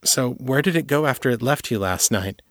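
Guy doing a upset young woman, higher voice, pleading, kinda shaky, dry sound. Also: animated, moderate pace, no echo, close to an everyday voice. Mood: distressed. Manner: shaken, pleading. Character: young woman, tearful troubled student.

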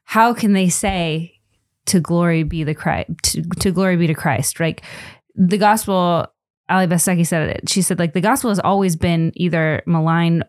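Lower-pitched woman chatting about faith. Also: moderate pace, a little mellow, dry recording, clean studio sound. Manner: chatty, many fillers and restarts. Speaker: co-host of a Christian parenting podcast. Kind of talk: casual faith conversation.

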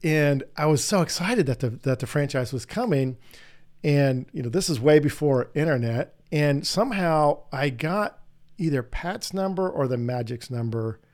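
A middle-aged man hosting an interview, telling long, animated anecdotes in a casual, rambling way. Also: fairly high pitch, moderate pace. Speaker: podcast host.

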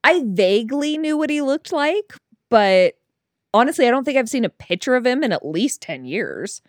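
A woman chatting casually and telling a story, acting out quoted dialogue in a higher voice. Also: sing-song, normal speed, no room sound, studio quality.

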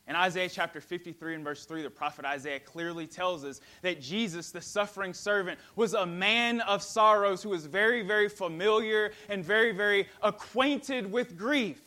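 A man preaching a sermon dramatically, swinging from ringing emphasis to a hushed near-whisper. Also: high-pitched, normal speed, hardly any pauses.

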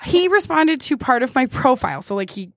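A woman co-hosting a podcast in casual chat, giggling often and reading out dating messages in a flat mocking tone. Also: high voice, a little fast, no echo, studio quality. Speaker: podcast co-host.

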